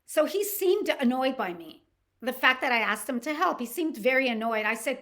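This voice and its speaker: A middle-aged woman from Canada, a podcast host telling a personal story in a casual, animated way with frequent restarts. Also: sits high, normal speed.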